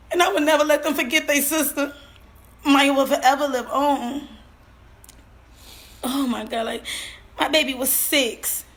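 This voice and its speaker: High-voiced woman, tearful and shaky. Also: fairly bright tone. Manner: tearful, repeats herself, voice breaking. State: crying. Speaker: grieving mother. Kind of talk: emotional personal testimony. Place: in her home.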